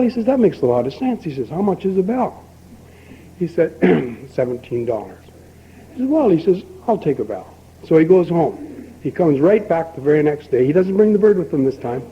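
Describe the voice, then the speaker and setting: An older man speaking at a recovery meeting, telling a long folksy joke and acting out both characters with lively emphasis. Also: on the high side, normal speed. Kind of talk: storytelling talk at a recovery meeting. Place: meeting hall. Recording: dull lo-fi archival tape with faint hiss.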